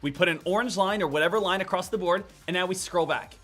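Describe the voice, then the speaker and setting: A man with a high, bright voice talks through live stock trading commentary. He is energetic and repetitive, and hammers his points home. Faint music plays underneath. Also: quick pace.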